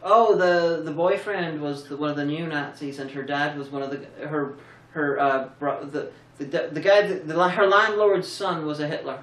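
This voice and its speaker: A woman's voice: low voice, fairly even intonation, normal speed, fairly bright tone. A woman co-hosting a casual film review, tired and rambling through sarcastic, jokey riffs with plenty of restarts. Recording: roomy, distant mic.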